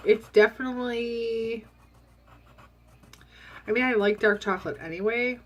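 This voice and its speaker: A woman's voice: a little high, measured pace, long pauses. A woman vlogging a casual, candid diet update from home, chatty and full of ums. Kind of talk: casual chat.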